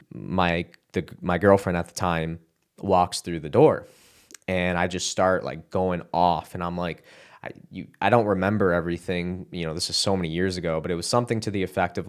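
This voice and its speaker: Young guy telling his testimony, choked up, lowish voice, lots of likes and sighs. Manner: emotional, halting, apologizes and sighs, casual fillers. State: close to tears. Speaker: content creator sharing his testimony. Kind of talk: emotional personal testimony.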